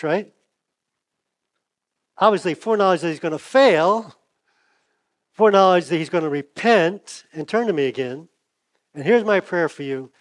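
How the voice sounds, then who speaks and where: Pastor with a fading voice. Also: male voice, high-pitched. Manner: conversational preaching, acts out dialogue with big swings in loudness. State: losing his voice. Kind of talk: sermon.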